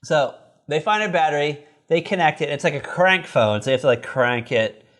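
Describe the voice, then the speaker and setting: A man's voice: a little fast, fairly bright tone. A man co-hosting a podcast, casually recapping an old sitcom episode in a rambling, profane way. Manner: rambling, profane, acts out characters in high voices. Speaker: podcast co-host.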